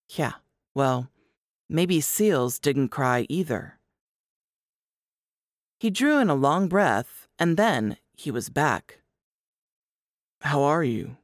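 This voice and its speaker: A woman narrating an audiobook in a measured, expressive storytelling manner. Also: deep voice, dry recording, clean studio sound.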